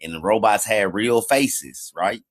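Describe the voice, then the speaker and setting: A man's voice: lowish voice, a little slow. A man in a casual livestream chat who tells stories loosely, jokes around and swears freely. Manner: joking, profane, loose storytelling. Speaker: livestream participant.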